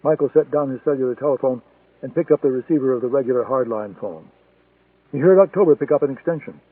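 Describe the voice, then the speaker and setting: A man reading a thriller audiobook in a steady, measured way. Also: medium pitch, slightly rough. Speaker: audiobook narrator. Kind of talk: scripted thriller narration. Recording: tinny phone-like sound, dry.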